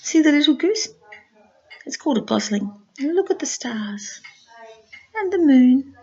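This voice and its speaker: Older grandmother reading to a small child; gentle, sing-song, unhurried, higher voice. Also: big pitch swings, muffled recording. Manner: gentle, sing-song storytelling with soft asides. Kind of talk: reading a picture book aloud to a small child.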